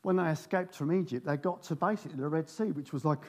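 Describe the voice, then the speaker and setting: A man's voice: a little high, fast, a little mellow. A man preaching, reading scripture aloud with jokey asides between the verses. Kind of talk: sermon with Bible reading.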